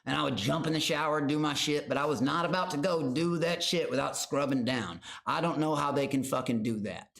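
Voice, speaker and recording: A man's voice: fairly high pitch, fairly quick, creaky, fairly bright tone. A man streaming live and reacting to a show. He rambles, swears heavily and taunts his chat. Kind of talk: casual livestream commentary.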